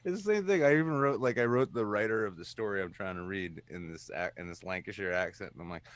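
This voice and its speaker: A man in casual podcast chat, talking excitably and ranting with a lot of swearing. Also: lowish voice, quick pace, no echo.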